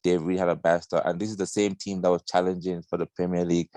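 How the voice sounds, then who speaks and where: A man's voice: deep voice, flat delivery, fast, darkish tone. A man on a football podcast panel, speaking hesitantly with many fillers in casual chat. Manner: hesitant, many ums and restarts.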